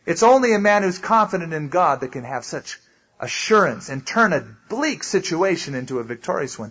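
A man's voice: fairly high pitch, sing-song, normal speed, a bit bright, breathy edge, muffled recording. A male pastor teaching a verse-by-verse Bible sermon in a conversational way, full of asides and explanations.

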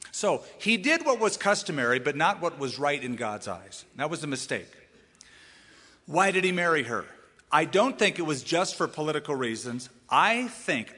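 A man preaching to his church, his voice bright and forceful with a slightly higher pitch than most men. He talks with animation and slips into the voices of the people in his stories. A long reverb trails behind him in the large sanctuary. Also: husky. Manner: animated, acts out quoted voices. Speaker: pastor. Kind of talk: sermon.

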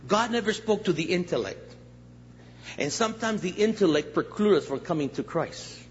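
An older male guest pastor preaching a sermon with jokes and stories, animated and laughing at his own lines. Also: high voice, normal speed. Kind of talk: humorous storytelling sermon. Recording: echoey church hall, dull muffled sound, faint hiss.

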